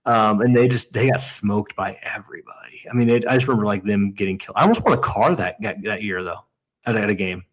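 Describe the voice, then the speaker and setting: A man's voice: fairly low pitch, fast talker, poor audio. A man in his thirties from Indiana, co-hosting a casual chat and telling a story with lots of restarts and quoted asides. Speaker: podcast co-host.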